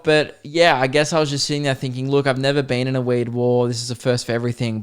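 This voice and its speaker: A man's voice: medium pitch, smooth. Young man telling a comic story. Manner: animated, swearing, self-mocking mock-epic telling. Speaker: podcast host.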